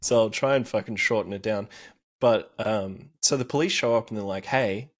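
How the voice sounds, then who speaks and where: A man's voice: fairly low pitch, brisk. A young man recapping anime on a podcast, laughing often and swearing casually as he tells the story.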